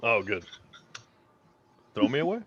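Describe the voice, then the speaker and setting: Animated man player. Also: lowish voice, unhurried, slightly rough, dull audio. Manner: casual, animated. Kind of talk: tabletop game play.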